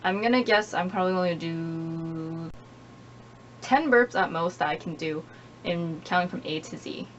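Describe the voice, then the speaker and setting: A woman's voice: fairly low pitch, normal speed, faint music behind. A young woman rambling casually to camera in a home vlog, apologetic and self-deprecating. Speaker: YouTuber. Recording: dull lo-fi home recording with faint hiss.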